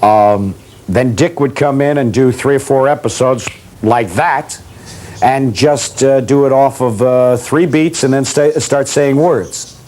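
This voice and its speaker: A man's voice: mid-range voice, measured pace, a little mellow, poor audio. A man in an interview recalling a mishap on a TV set in a matter-of-fact way. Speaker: interviewee, actor. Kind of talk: storytelling interview.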